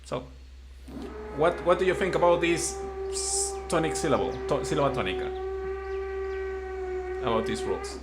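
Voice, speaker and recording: A man's voice: a little high, sing-song, moderate pace, long pauses, heavy background noise. Man teaching patiently. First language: Spanish. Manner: patient, encouraging, repeats praise. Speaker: Spanish teacher. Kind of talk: casual one-on-one language lesson.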